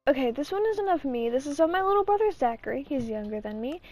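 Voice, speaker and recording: Woman, high-pitched, casual storytime vlog host, rambling, restarts sentences. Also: animated, fast, darkish tone, no room sound, faint music behind. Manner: rambling, with restarts and acted-out quotes. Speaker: channel host.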